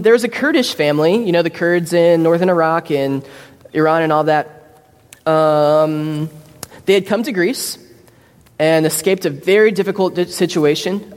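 A man's voice: on the high side, big-room sound. A man preaching a sermon, telling stories in a casual, loose way with fillers and restarts. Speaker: pastor.

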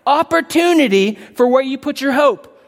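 A high-pitched preacher with lively intonation speaks at normal speed, delivering an emphatic, impassioned sermon in a large hall full of congregants. He reads scripture aloud and occasionally stumbles, and the recording has long hall reverb.

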